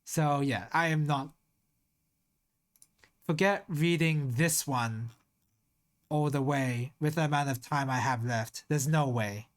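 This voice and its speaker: A streamer thinking aloud in casual live-stream talk, slowly sounding out Japanese words syllable by syllable and trailing off into mutters. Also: medium pitch.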